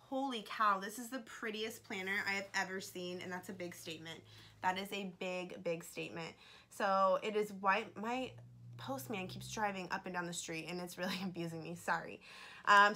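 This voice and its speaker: A woman's voice: medium pitch, pushed and bright. A woman in her twenties chatting casually through an unboxing, gushing and emotional, with lots of "like" fillers. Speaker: vlogger.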